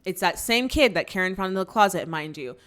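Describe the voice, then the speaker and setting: A woman's voice: medium pitch, lively intonation, brisk, a bit bright. Chatty woman recapping a movie. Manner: chatty storytelling with acted-out quotes and many "like" fillers. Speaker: movie reaction host.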